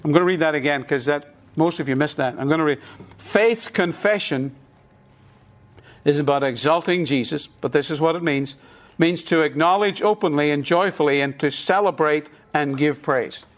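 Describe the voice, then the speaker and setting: A man's voice: on the high side, brisk. Man preaching in a conversational tone. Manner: conversational teaching, repeats points for emphasis. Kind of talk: sermon.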